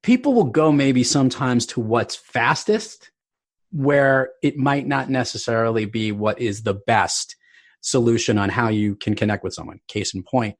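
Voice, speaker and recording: A man's voice: medium pitch, normal speed, dry recording, studio quality. A man hosting a podcast interview, thinking aloud with restarts. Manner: thoughtful, rambling, with restarts. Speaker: podcast host.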